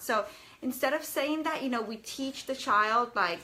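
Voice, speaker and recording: A woman's voice: a little high, measured pace, sharp tone. A woman in her thirties chatting casually to camera as a parenting vlogger, rambling a little with fillers and restarts.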